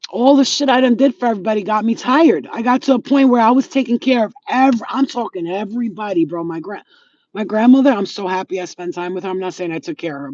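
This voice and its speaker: A woman's voice: mid-range voice, mellow, no echo. A middle-aged woman speaks to her viewers in a blunt, streetwise monologue, cursing freely as she hands out life advice. She sounds like a spiritual healer talking casually rather than preaching. The audio is dull and lo-fi.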